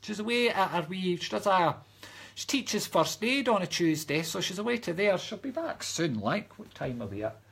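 A man's voice: sits high, very animated, normal speed, gravelly, a bit bright, slightly rough. A man with a Scottish accent giving live psychic readings in a chatty, reassuring way, often checking in with "okay?". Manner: reassuring, keeps adding "okay?"; chatty and jokey between readings. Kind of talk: live-stream reading, casual chat.

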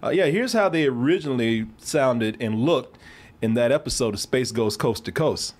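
A man hosting an interview, chatty and quick to laugh. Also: mid-range voice, animated. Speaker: interview host. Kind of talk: casual interview chat.

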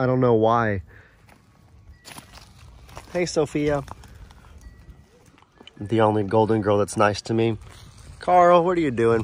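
A man filming a casual farm vlog outdoors on his phone, chatting in a rambling way and softly coaxing his animals. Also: medium pitch. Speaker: farm vlogger. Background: light wind outdoors.

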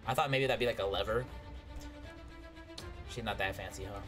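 A man with a lowish voice and moderate pace gives casual, jokey let's play commentary, exclaiming at the action. He's excitable and yelps whenever something hits. Loud game music plays behind his voice.

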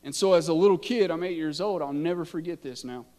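A man, a pastor telling a story in his sermon and building from quiet narration to impassioned preaching. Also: a little high, fast, in a large hall. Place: church sanctuary.

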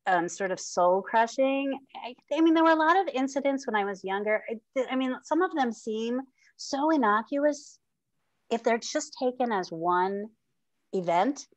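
A woman's voice: medium pitch, no echo. A middle-aged woman speaking as an interview guest, open and heartfelt, laughing often and restarting her sentences. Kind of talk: candid personal interview.

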